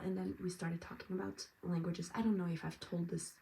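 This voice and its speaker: A tired woman from France chatting casually as she gets ready, rambling and now and then dropping to a soft whisper. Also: fairly low pitch, fairly even intonation, brisk, gravelly, hardly any pauses. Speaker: vlogger. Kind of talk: casual get-ready-with-me chat. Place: at home getting ready. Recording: distant mic, faint room ambience.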